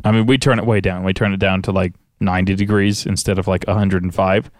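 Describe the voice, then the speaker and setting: Rambling podcast co-host, deep-ish male voice, dead-dry mic. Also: level tone, fast, dry recording. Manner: rambling, many "like" fillers. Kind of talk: casual chat.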